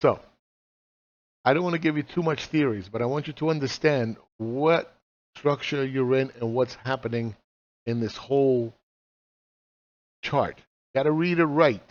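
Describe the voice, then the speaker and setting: At normal speed and mid-range pitch, a forties-aged man casually guides listeners through reading charts. He's blunt, swears freely and keeps asking rhetorical questions; the lo-fi recording is slightly dull.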